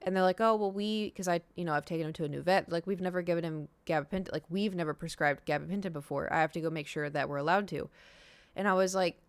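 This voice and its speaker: A young woman on a stream tells a long, rambling story in casual chat, acting out what people said and swearing at times. Her voice is lowish, clear and resonant, she speaks fast, and there's no room sound.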